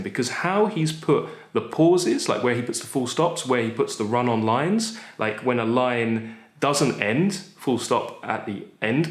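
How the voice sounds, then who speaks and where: A man teaching poetry in a chatty, enthusiastic way, asking and answering his own questions as he goes. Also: medium pitch. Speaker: literature teacher. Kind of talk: explaining poetry to camera. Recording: roomy echo.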